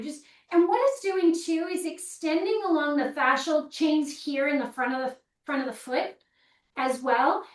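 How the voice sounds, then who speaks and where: A woman coach calmly talking through foot and ankle exercises step by step as she demonstrates them. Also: high-pitched. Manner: calm, step-by-step cueing while demonstrating. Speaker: movement coach. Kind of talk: guided exercise instruction. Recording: roomy, mic at a distance.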